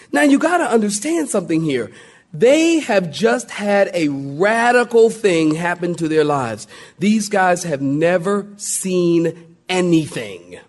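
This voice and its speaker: A man preaching a sermon as pastor, an animated storyteller who acts out the people in his stories and calls out to the congregation. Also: on the high side.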